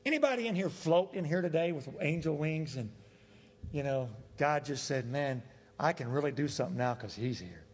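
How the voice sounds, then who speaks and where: A man's voice: a little high, animated, moderate pace, big-room sound. A man preaching a sermon as pastor, emphatic, asking the congregation rhetorical questions. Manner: emphatic, rhetorical questions, acts out quoted voices. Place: church sanctuary.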